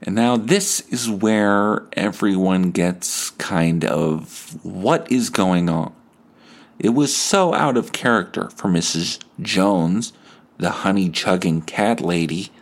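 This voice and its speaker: A male podcast host improvising a story, rambling and laughing at himself. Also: low voice. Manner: rambling, laughs at his own tale.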